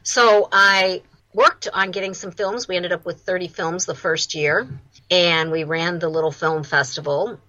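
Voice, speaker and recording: Bright-voiced woman, enthusiastic festival founder. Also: fairly low pitch, fairly even intonation, a little slow, lo-fi sound. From United States. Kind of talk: interview guest.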